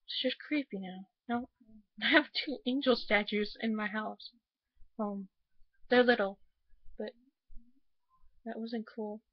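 A woman's voice: fairly high pitch, takes it slowly, pauses often, dry recording, highs cut off. A young woman from the United States giving a casual, rambling video review, gushing with many fillers after crying. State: just finished crying. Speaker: vlogger.

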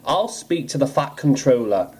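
A man voicing a calm, helpful male tank engine who speaks in a gentle, reassuring way, over music. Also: medium pitch, moderate pace, a little hiss or hum, close to an everyday voice. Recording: music playing under the voice.

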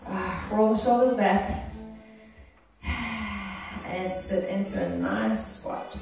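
A woman's voice: mid-range voice, sing-song, takes it slowly. A woman fitness instructor guiding an exercise class, encouraging and checking in with her students as she cues each move. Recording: very echoey room from far off, faint music.

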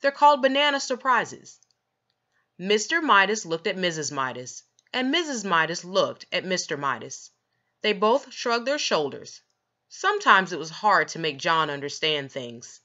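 A woman reading a children's book aloud with expressive, measured narration. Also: fairly low pitch, muffled recording. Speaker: storybook reader.

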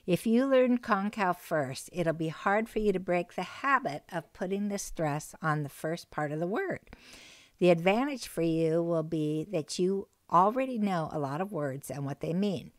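A woman teaching a recorded language lesson, speaking slowly and patiently and repeating key words with care. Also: lowish voice, animated, no room sound. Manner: slow, careful, patient delivery with repeated phrases.

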